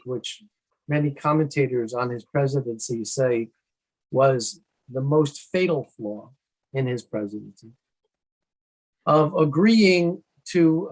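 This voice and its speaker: A man speaking as the author in an interview over a video call, giving measured, earnest answers with frequent pauses and restarts. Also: on the high side, a little mellow, rough recording.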